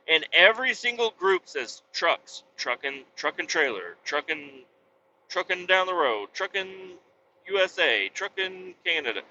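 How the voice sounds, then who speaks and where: Bright-voiced trucker swearing freely while driving. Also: male voice, a little high. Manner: blunt, rambling, swears freely. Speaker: trucker vlogger. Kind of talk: casual chat while driving. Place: truck cab on the highway. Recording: dull lo-fi audio with faint road noise.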